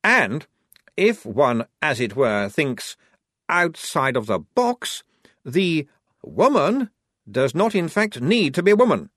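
Male reader as a fussy, pompous young lieutenant, raised and prissy, lively pitch. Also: takes it slowly, dry recording, studio quality, exaggerated voice. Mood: eager. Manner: raised, prissy, mannered speech. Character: prim, earnest young officer, man, pompous and fussy.

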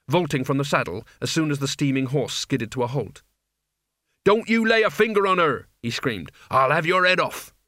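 A man narrating a fantasy novel in a measured, expressive reading. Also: mid-range voice, dry recording. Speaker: audiobook narrator. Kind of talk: scripted narration.

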